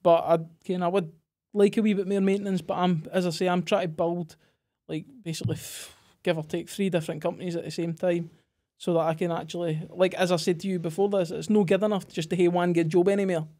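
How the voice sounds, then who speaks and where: A young Scottish man chatting casually on a podcast about his trade work, blunt and quick to laugh. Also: sits high, flat delivery, dark tone. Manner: blunt, swears, laughs often. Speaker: tradesman guest.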